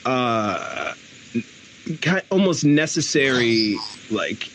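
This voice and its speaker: A man's voice: mid-range voice, big pitch swings, extremely slow, a bit bright, slight background noise, poor audio. A man hosting a podcast in a casual interview, talking enthusiastically with frequent laughter and restarts. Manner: enthusiastic, laughs often, many restarts and "like" fillers. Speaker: podcast host.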